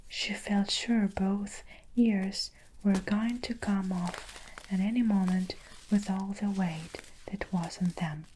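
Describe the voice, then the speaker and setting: Woman, whispered role-play, slow storybook reading, mellow dark tone, faint crinkling behind. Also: medium pitch, slight background noise, low-quality recording. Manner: soft whispered reading aloud. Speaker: ASMR storyteller. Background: faint soap crushing and crinkling.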